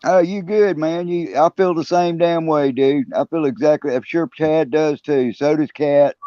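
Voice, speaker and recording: A man with a mellow, fairly high voice calls in to a casual chat. He sounds easygoing and profane. The sound is dry and muffled, like a cheap phone line. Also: unhurried, no room sound. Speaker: caller on a prepaid phone.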